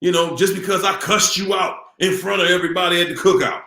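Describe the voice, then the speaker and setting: Animated man preaching to a live chat. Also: high-pitched, fast talker, reverberant. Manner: preachy, animated, repeats himself, asks the audience. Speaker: host of a live Q&A stream. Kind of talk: casual live-stream talk to viewers.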